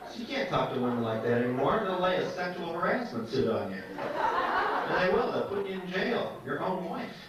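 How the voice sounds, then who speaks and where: A man's voice: fairly high pitch, very animated, moderate pace. A man doing a stand-up comedy set in a comedy club, teasing and talking to the crowd. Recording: echoey club from far off, loud room noise. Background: audience laughter.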